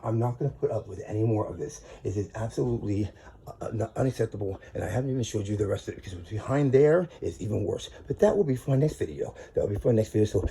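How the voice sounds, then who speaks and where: A man's voice: on the low side, creaky, mellow, slight background noise. An American man in his small bedroom, filming an angry vlog rant on his phone, agitated and profane, with stammering restarts. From United States. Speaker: tenant filming a complaint video. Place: small apartment bedroom, indoors.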